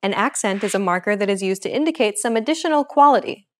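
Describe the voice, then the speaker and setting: A woman hosting a scripted language lesson, explaining grammar points in a clear, explanatory teaching delivery. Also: medium pitch, expressive, quick pace.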